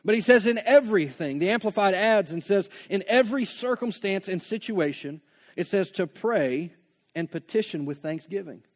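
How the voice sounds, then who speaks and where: A man preaching a sermon with passion, moving from hushed reflection to loud, rising appeals. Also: high voice, animated, moderate pace. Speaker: pastor.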